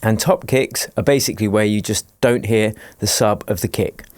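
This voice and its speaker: Low-voiced man explaining a music production tutorial. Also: normal speed, no echo. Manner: relaxed, jokey explaining. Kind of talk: screen-recorded software tutorial. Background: faint dance music playing from his project.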